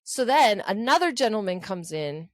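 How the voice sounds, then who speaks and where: A woman co-hosting a podcast, telling a story in an animated way and swearing freely. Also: mid-range voice, normal speed, dry recording. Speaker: podcast co-host. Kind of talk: casual chat.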